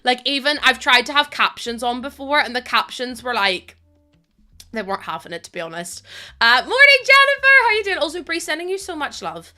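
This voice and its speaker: A woman with a Northern Irish accent chatting fast with her stream audience, tired and laughing often. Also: a little high, animated, sharp tone. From Northern Ireland. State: tired from lack of sleep. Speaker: live streamer. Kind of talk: casual chat with a stream audience.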